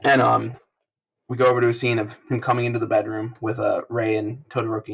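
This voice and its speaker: A man's voice: mid-range voice, quick pace, gravelly. Man recapping manga panels, lo-fi sound. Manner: loose, filler-heavy recap that bursts into animated character voices. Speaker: podcast co-host recapping a manga chapter. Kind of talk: casual chat, reading panels aloud.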